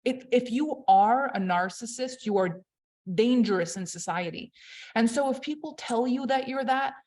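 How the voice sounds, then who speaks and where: Fairly high-pitched and at normal speed, a woman delivers motivational leadership coaching. She's emphatic and conversational, her delivery shifting between loud and quiet.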